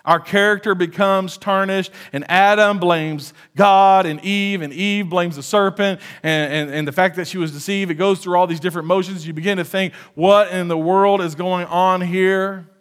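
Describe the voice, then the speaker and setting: An animated male pastor preaching a sermon, his voice sitting a little high for a man. He breaks into shouted quotes and jokes to his listeners between verses. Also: normal speed, few pauses.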